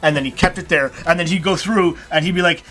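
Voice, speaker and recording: A man co-hosting a casual chat, easygoing and quick to react and laugh. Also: a little high, sharp tone, soft background music. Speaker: co-host.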